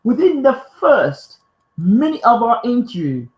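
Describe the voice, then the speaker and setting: A man's voice: extremely high pitch, very animated, unhurried, roomy sound, lo-fi sound. A man hosting a live stream, reading out viewer comments and arguing back in a fiery, defensive, emphatic way. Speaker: live show host.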